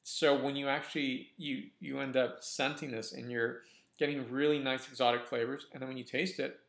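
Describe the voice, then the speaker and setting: A man hosting a casual wine review vlog, talking in a relaxed, enthusiastic way with frequent restarts. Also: mid-range voice, moderate pace, creaky. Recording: roomy echo.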